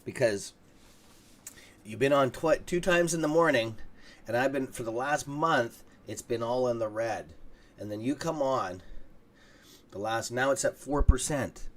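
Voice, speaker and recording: A man's voice: medium pitch, a little slow, long pauses. A tired, yawning man hosting a casual live stock market stream, rambling and swearing now and then. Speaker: stock trading livestream host.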